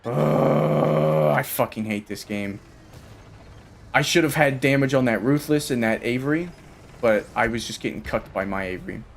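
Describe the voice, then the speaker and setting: A man's voice: mid-range voice, moderate pace, vocal fry, slight background noise. A man giving live gameplay commentary while playing with teammates, ranting at them in a frustrated, profane way. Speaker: gamer playing online with teammates.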